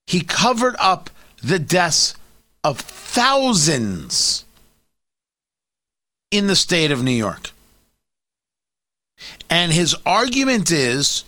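Animated, sarcastic talk radio host man. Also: on the high side, extremely slow, long pauses, no echo. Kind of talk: opinionated talk radio monologue.

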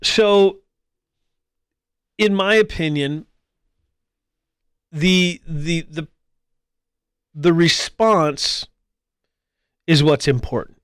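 A man's voice: fairly high pitch, extremely slow, pauses often, smooth, no echo, studio quality. A man hosting a political commentary show, arguing his point and now and then mimicking squabbling voices mockingly. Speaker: podcast host.

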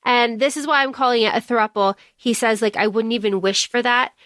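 A woman's voice: a little high, fairly even intonation, brisk, a bit bright, dry recording, studio quality. A woman co-hosting a podcast, chatting casually about a book, laughing and acting out quoted lines. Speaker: podcast co-host.

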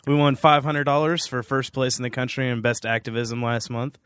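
A man's voice: mid-range voice, steady tone, a little fast, fairly bright tone, clear, resonant tone, no room sound, studio quality. A young man co-hosting a casual podcast, speaking in a matter-of-fact way. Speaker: podcast co-host, student activist.

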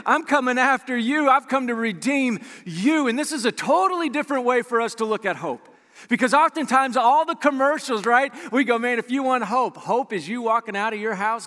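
A man preaching a sermon as a pastor, animated and conversational, acting out quoted voices as he tells stories. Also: very high voice, in a large hall.

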